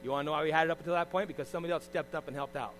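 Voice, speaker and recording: A middle-aged pastor preaching, swinging from loud emphasis to quiet, confiding asides. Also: male voice, a little high, fairly even intonation, very fast, a little hiss or hum. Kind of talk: sermon.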